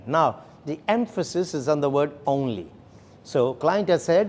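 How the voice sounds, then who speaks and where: A man's voice: on the high side, animated, unhurried, darkish tone. A man leading a sales training session, explaining steps and often checking in with "okay?" and "right?". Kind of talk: classroom training lecture.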